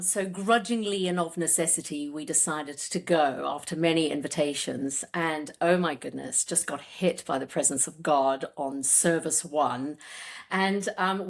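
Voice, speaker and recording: Woman with a mixed Zimbabwean-tinged accent. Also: fairly low pitch. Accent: mixed, with a Zimbabwean twang. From grew up in Zimbabwe. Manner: earnest storyteller with frequent ums. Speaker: guest, Christian speaker. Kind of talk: personal story in an interview.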